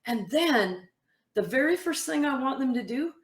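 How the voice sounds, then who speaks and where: A woman's voice: moderate pace, roomy sound. A woman who is a mental toughness coach, giving advice to camera and acting out what young athletes tell her. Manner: animated, acts out athletes' quotes in a higher voice. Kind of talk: talking to camera, advice monologue.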